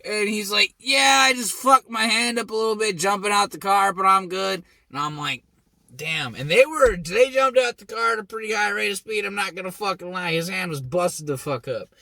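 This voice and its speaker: A young man with a high, bright, edgy voice tells a wild story straight to the listener. He's blunt and swears constantly, and he jumps into the quoted lines with sudden shouts. The sound is dry and close. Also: normal speed, vocal fry, no room sound. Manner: blunt, heavily profane, animated. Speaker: host. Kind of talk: casual storytelling monologue.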